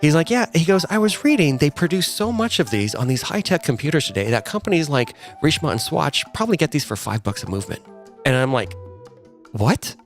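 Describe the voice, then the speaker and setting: Fast-talking man telling a story. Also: on the high side, soft background music. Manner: animated storyteller, acts out quotes. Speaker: guest, watch retail worker. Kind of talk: casual podcast chat, storytelling.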